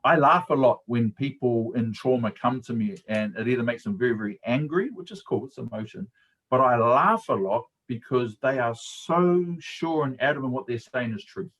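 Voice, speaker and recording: A middle-aged man with a New Zealand accent talks casually on a live stream, mid-pitched and easygoing. He tells stories in a colloquial way and often laughs as he speaks. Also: expressive, moderate pace, fairly bright tone, low-quality recording. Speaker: guest speaker and coach.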